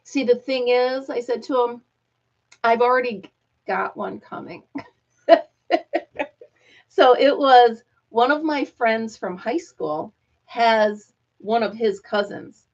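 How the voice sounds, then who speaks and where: A woman's voice: on the high side, slow pace, long pauses, dull audio. A woman hosting a casual live chat, talking freely with frequent laughs and cooing asides to her dog. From United States. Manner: chatty, laughs often, coos to her dog. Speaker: host.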